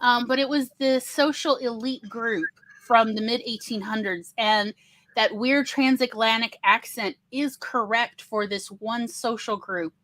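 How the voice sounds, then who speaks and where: A woman hosting a casual panel chat, talking in an animated, digressive way. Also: on the high side, unhurried. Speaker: host.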